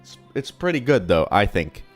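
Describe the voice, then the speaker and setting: A young man streaming from home, chatting casually in a rambling, profane, self-deprecating way, his voice a little low from being slightly sick. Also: sing-song, moderate pace, soft background music. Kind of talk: casual live-stream chat.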